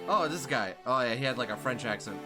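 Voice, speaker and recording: A man's voice: medium pitch, animated, fast. A man streaming a game who chats casually and upbeat and greets his viewers often. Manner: upbeat, greets chat members warmly and often. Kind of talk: casual chat. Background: game music.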